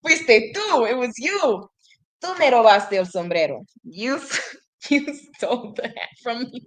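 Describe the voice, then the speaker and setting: A woman's voice: a little high, lively intonation, unhurried. A woman voicing a grumpy male bear from a picture book, reading each line in Spanish and then translating it. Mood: plain. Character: grumpy male bear searching for his hat.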